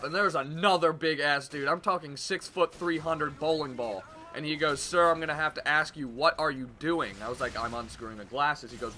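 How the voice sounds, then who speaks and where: A man's voice: fairly high pitch, slight background noise. A young man casually telling a story to his viewers in a vlog, swearing freely and acting out what others said. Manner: animated, profane, acts out quoted voices. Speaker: YouTube vlogger.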